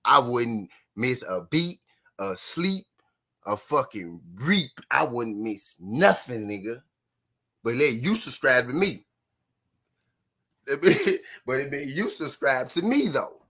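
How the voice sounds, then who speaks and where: A man's voice: medium pitch, fairly bright tone, breathy edge. A man from Memphis, Tennessee, hosting a live stream and taunting his chat with mocking, repeated jabs and frequent laughter.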